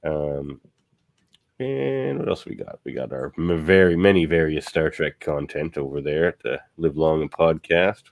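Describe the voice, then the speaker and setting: A man hosting a podcast, chatting casually over a video call and plugging other shows. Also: deep voice. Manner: relaxed, plugs network shows. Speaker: podcast host.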